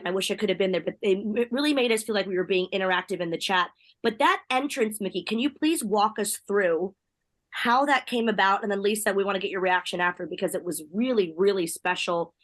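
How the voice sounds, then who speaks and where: A woman hosting a casual podcast chat, bubbly and gushing, with quick asides. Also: medium pitch. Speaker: host.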